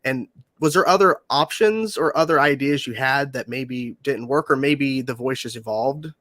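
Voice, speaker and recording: A man's voice: medium pitch, moderate pace, fairly bright tone, no room sound. A young man hosting a casual interview, asking questions with eager fan enthusiasm. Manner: eager fan, laughs often. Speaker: interview host.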